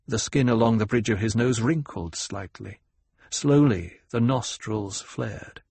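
A man giving a measured, even scripted audiobook narration on a close mic. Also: fairly low pitch, vocal fry, slightly rough, dry recording.

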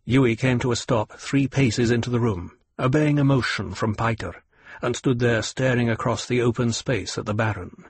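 A man narrating an audiobook in an unhurried, even storytelling manner. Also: mid-range voice, husky, no echo. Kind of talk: scripted narration.

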